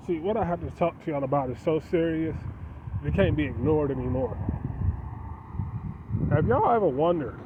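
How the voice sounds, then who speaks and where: A man's voice: fairly high pitch, animated, a little slow, long pauses. Preachy man with a lo-fi street sound. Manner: preachy, rhetorical questions. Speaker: vlogger. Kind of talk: casual monologue. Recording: dull lo-fi sound with faint street noise.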